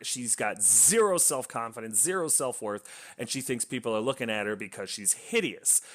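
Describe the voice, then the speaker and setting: A man's voice: mid-range voice, a bit bright. A man reviewing a book, casually retelling its plot in a rambling way with lots of fillers and restarts.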